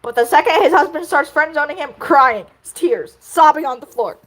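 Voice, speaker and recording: A young woman chats while she draws, rambling along with plenty of fillers and giggles. Her voice sits high and swoops animatedly up and down. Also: animated, normal speed. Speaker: video creator. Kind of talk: casual chat while drawing.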